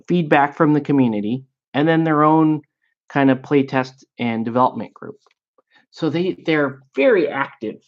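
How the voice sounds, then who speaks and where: Rambling man with slightly muffled audio. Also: medium pitch. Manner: rambling, with many fillers and restarts. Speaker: miniature painting and gaming host. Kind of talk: casual chat.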